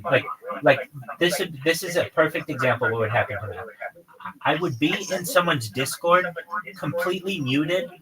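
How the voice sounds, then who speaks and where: A man's voice: on the high side, poor audio. A man live streaming, talking casually in a profane, rambling, exasperated rant. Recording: crowd chatter in background.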